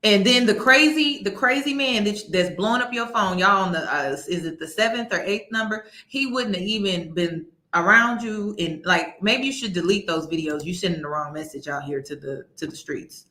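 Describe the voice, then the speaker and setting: Animated woman host riffing and laughing, bright voice, roomy echo. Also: medium pitch, normal speed, hardly any pauses. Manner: animated, laughing, stammering restarts. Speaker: commentary host. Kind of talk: reaction commentary.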